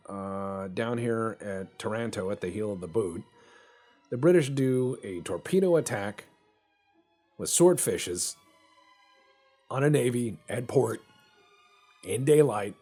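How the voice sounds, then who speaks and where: A man's voice: fairly low pitch, expressive, a little slow, long pauses, mellow, faint music behind. A man hosting a let's play, rambling in casual, profane, joking gameplay commentary.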